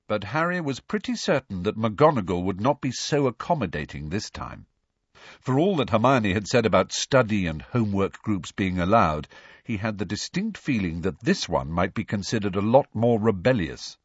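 A man narrating a storybook in measured scripted narration. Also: on the low side, expressive, slightly rough, no echo. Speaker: audiobook narrator. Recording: dry, slightly dull recording.

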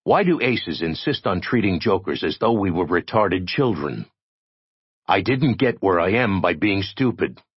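A man's voice: low voice, sing-song, a little slow, husky, dry recording, highs cut off, exaggerated voice. A man voicing a refined, calculating joker leader who speaks formally and wearily. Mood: weary. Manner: formal, weary, polite.

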